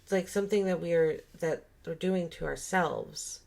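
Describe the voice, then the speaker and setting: A woman's voice: on the low side, moderate pace, creaky, darkish tone. A woman giving a casual tarot reading, thinking aloud and musing with many fillers and restarts. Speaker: tarot reader.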